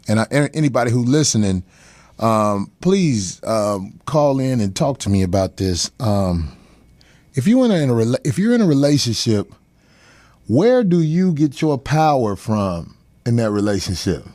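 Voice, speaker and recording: A middle-aged comedian hosting his talk show, telling crude road stories in a loose, profane way and breaking into laughter as he goes. He slips into quick voices for the people he quotes. The sound is dry and close, with no room around it. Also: mid-range voice, sing-song, darkish tone, dry recording. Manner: profane, laughing, chuckles mid-story. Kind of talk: casual storytelling chat.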